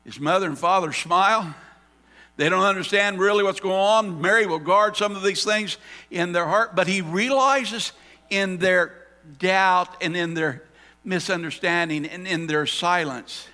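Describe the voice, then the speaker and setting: A male pastor preaching a sermon, telling the story dramatically and swinging between loud and hushed. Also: high voice, unhurried, big-room sound. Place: church sanctuary.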